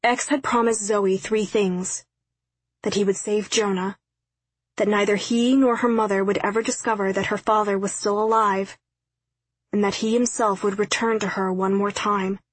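A woman narrating an audiobook in a steady, measured reading. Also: mid-range voice, slightly rough, dry recording, poor audio. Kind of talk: scripted narration.

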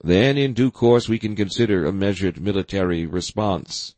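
A man's voice: low-pitched, normal speed, a little mellow, no room sound, lightly acted. A man reading the lines of a stiff, insistent secretary of state who snarls in disagreement.

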